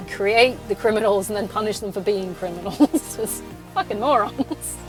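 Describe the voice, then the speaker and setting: A woman's voice: mid-range voice, measured pace, music in the background, poor audio. A woman hosting a solo podcast from her car, ranting in casual chat, swearing and laughing between points. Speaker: podcast host.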